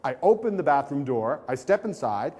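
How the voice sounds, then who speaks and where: A man's voice: on the high side, normal speed. A male comedian telling a comic anecdote on a talk show, acting out the voices of the people in it. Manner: animated storytelling, acting out quoted voices.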